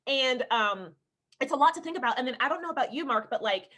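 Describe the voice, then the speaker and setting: A woman from Texas, an actress telling stories in a casual video-call interview, lively and laughing as she acts out the people she quotes. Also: sits high, fast. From Houston, Texas. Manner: animated storyteller, laughing, acting out quoted people.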